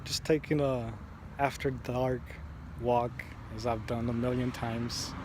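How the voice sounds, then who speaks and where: Man, mid pitch, slow reflective vlog storyteller, faint street traffic behind. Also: flat delivery. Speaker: vlogger. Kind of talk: first-person storytelling vlog.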